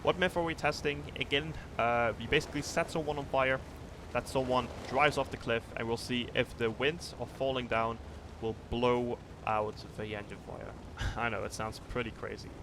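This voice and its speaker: A man streaming a tank game live, thinking aloud in a rambling, relaxed way and swearing casually as he sets up a test with viewers. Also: medium pitch, moderate pace, few pauses, noisy background. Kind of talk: casual livestream commentary.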